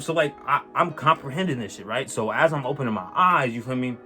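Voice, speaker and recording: On his vlog, a man tells a personal story in a casual, animated way, swearing and piling on slang while restarting often and rambling. His voice is mid-range and fairly quick, with faint music in the background.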